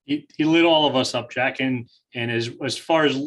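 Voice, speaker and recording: A man's voice: mid-range voice, moderate pace, fairly bright tone. A male co-host on a video call panel, thanking speakers and supporting them.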